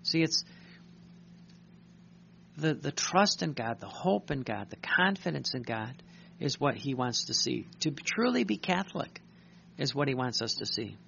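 A man preaching a sermon, reading passages aloud, halting with many fillers and restarts and clearing his throat often. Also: medium pitch, sing-song, fairly bright tone. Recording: muffled recording with faint hum.

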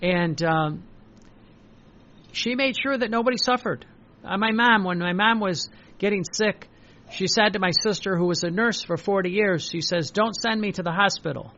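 An older male priest with a high voice, preaching and weaving in stories from his own life. He talks haltingly, stopping to repeat himself and filling gaps with "uh". The recording sounds dull and lo-fi. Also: bright, forceful tone. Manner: halting, repeats words, many fillers.

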